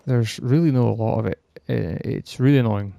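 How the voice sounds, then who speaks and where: A man's voice: mid-range voice, a little fast, gravelly, mellow, dry recording. A young man from Scotland with a northern Scottish accent, ranting casually and heatedly, swearing often. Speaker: podcast rambler. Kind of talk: casual rant.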